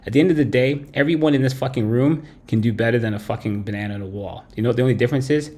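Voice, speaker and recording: Brief: male livestream host, mid-pitched, profane and blunt, ranting to his chat. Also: very fast, darkish tone. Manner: blunt, heavy swearing, tags lines with "right?". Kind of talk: profane late-night stream rant.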